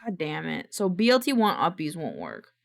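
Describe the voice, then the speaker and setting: A woman streamer chatting casually, excitable and gushing, swearing and muttering to herself. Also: low voice, moderate pace, creaky. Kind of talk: casual live-stream chat.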